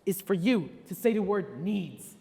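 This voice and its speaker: A bossy schoolteacher who lectures, snaps and shouts orders at small children, as a student actress plays her. Her voice jumps all over the place, heavily overacted for a high school stage. It rings through an echoey auditorium, picked up from a distance. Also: lively intonation, a little slow, vocal fry. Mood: demanding. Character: strict bossy woman schoolteacher, shrill and threatening. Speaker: drama club student actor.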